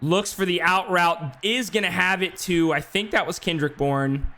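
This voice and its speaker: A man calling play-by-play for a simulated football game on a live stream, talking fast between plays with casual asides. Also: high voice, pushed and bright. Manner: rapid play-by-play, filler-heavy asides. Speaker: play-by-play commentator. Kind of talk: esports sim football commentary.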